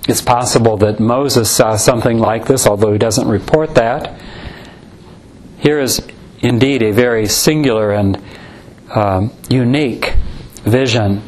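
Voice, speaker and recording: A man preaching a measured expository sermon, slowing down to intone scripture verses. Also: mid-range voice, a little mellow, slight background noise, low-quality recording.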